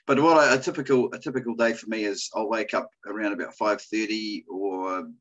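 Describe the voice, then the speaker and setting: A man answers podcast questions in a lowish voice, thoughtful and hesitant, with many fillers. His audio sounds dull and lo-fi, like a remote connection. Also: brisk, fairly bright tone. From New Zealand. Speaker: school principal. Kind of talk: casual podcast interview.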